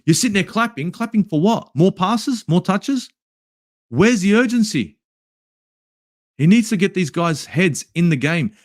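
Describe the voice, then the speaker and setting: An irate Australian fan channel host swears constantly, his voice rising to shouts and dropping to mutters as he critiques a match and takes live chat questions. The sound is clean and studio-grade, with no room sound.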